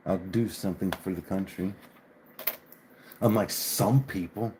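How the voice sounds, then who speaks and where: A man's voice: low-pitched, unhurried, noisy background. A man chatting casually on a livestream, laughing often and cursing mildly. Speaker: livestream host. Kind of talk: casual live chat.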